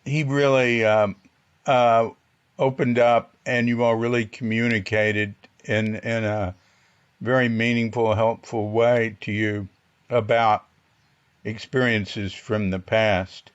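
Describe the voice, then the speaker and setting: A man hosting an interview, asking gentle, hesitant questions with many fillers. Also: lowish voice, little pitch movement, slow pace, smooth, highs cut off. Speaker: podcast host.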